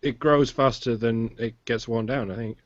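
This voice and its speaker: A man on a casual podcast panel, soft-spoken and hesitant, stammering as he talks. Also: mid-range voice, fairly even intonation, normal speed, dull audio.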